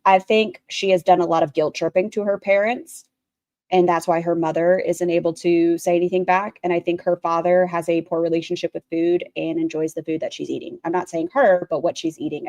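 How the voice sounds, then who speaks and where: A woman's voice: fairly low pitch, steady tone, brisk, a little mellow, no echo. A woman streamer giving blunt, opinionated commentary while reacting to another stream and talking to her chat.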